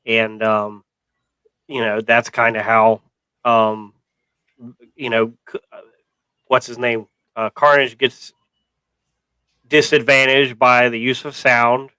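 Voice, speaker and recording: A man's voice: medium pitch, level tone, slow, pauses often, bright, forceful tone, smooth, dry recording, rough recording. A man co-hosting a casual movie review podcast, rambling with wry asides. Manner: rambling, many fillers and restarts, wry. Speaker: podcast co-host.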